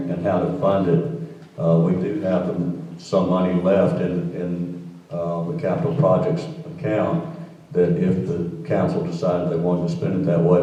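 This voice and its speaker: A man, a city official, answering residents at a council meeting in a measured way, with frequent ums and uhs. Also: low voice, mellow, muffled recording. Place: council meeting room, heard from far off. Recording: echoey hall from far off.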